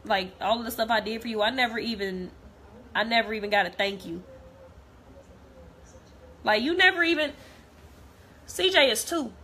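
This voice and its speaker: A woman's voice: a little high, lively intonation, normal speed, pauses often, bright, forceful tone, a little hiss or hum. A young woman talking straight to camera, blunt and heated, repeating herself as she vents. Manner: blunt, repetitive, heated, profane. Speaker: vlogger. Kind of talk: direct-to-camera rant.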